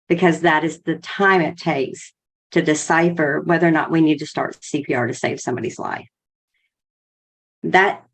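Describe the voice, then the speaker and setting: Emotional woman sharing her story. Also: low-pitched. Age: middle-aged. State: emotional, close to tears. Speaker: podcast guest, former 911 operator. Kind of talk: personal account on a podcast.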